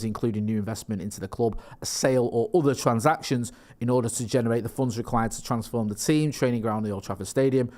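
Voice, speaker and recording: A man's voice: medium pitch, a little mellow. A man co-hosting a podcast, chatting casually in a rambling, jokey way and reading news reports aloud. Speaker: podcast co-host. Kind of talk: casual chat.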